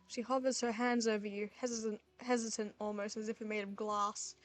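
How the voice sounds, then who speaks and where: A woman's voice: medium pitch, flat delivery, a little fast, hardly any pauses. Playful woman reading a dating game. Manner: playful, giggly asides. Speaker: game streamer. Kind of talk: reading a visual novel aloud with commentary.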